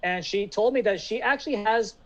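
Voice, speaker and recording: A man's voice: sits high, a little fast. A man co-hosting a casual podcast, chatting with enthusiasm and many fillers. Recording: dull lo-fi audio.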